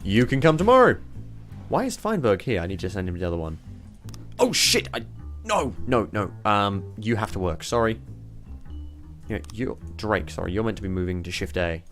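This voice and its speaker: A man's voice: low voice, lively intonation, a little fast, soft background music. A man giving let's play commentary, thinking aloud in a rambling way and swearing casually. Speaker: gamer playing a police management game.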